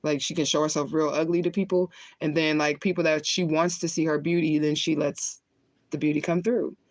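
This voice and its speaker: A woman's voice: sits low, level tone, fairly quick, no echo. Rambling, cussing woman on a livestream. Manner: rambling, profane, laughs often; talks while lighting and smoking. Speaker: spiritual reader on a livestream. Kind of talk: casual livestream chat.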